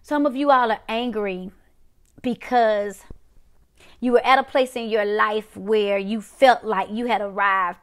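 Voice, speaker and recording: A woman's voice: mid-range voice, measured pace. A middle-aged woman preacher delivering a prophetic sermon, repeating short phrases in a rhythmic call-and-response cadence.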